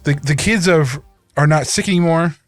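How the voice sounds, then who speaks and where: A man's voice: a little high, moderate pace, faint music behind. A man co-hosting a casual chat podcast, talking in a rambling way with many restarts and fillers. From United States. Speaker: podcast co-host.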